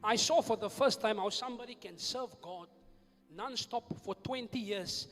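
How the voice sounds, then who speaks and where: A male pastor with a South African accent preaching a fiery sermon, moving between hushed asides and shouted declarations. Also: sits high, moderate pace, big-room sound, faint music behind. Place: church hall.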